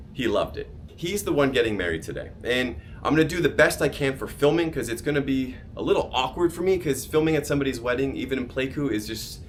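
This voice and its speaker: A man's voice: mid-range voice, a little hiss or hum. Chatty man vlogging outdoors. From California, United States. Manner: chatty and rambling, with frequent restarts and laughs. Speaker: travel vlogger. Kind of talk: casual vlog talk to camera. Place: outdoors at a family home.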